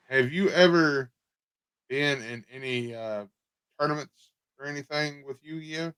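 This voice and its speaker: Male podcast host; slightly higher voice, laid-back questions. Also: slow pace, long pauses, a bit bright, clean tone, low-quality recording. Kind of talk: casual interview chat.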